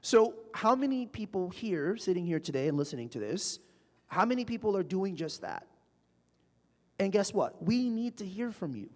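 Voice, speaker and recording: A man's voice: high voice, normal speed. A man telling stories to a live audience in a large hall, acting out the people he quotes. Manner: animated storytelling, acts out quoted people. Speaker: guest speaker. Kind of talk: onstage public conversation. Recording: reverberant hall.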